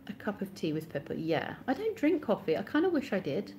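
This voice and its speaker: Chatty woman, mellow voice. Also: medium pitch, wildly swooping pitch, brisk, slight background noise. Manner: chatty, reads out and answers viewers' comments. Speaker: live streamer. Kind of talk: casual live-stream chat with viewers.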